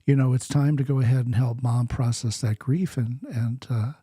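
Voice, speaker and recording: Husky, mellow middle-aged male host. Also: mid-range voice, no room sound, clean studio sound. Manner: measured, hesitant, many uh fillers. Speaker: podcast host. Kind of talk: conversational interview.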